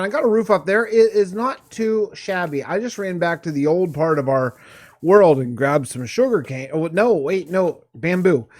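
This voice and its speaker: Man rambling over his building game. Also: a little high. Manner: rambling, thinks aloud, frequent restarts. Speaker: let's play host. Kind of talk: casual gameplay commentary.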